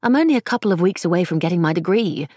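A woman's voice: on the low side, lively intonation, racing, a little mellow, no room sound, clean studio sound, pitched above the performer's own voice. Woman voicing a headstrong young student. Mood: defiant. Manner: stubborn, wry. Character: headstrong nineteen-year-old student woman.

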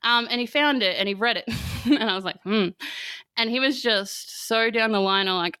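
A young Australian woman chatting candidly as a podcast guest, her voice smooth and clean. She laughs often and fills her sentences with "like". The close mic sounds dry, with no room around it. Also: on the high side, normal speed, sharp tone, no echo. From country Victoria, Australia. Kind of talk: candid casual conversation.

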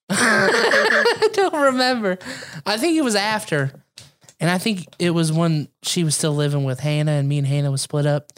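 A man's voice: on the high side, fairly quick, clean tone. A man telling stories in a casual, profane chat with a friend. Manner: loose, profane, swears a lot.

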